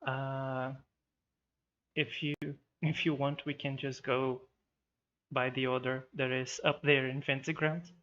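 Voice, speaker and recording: A man running an online tabletop game as game master, talking in a relaxed way and laughing easily. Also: medium pitch, unhurried, dull audio.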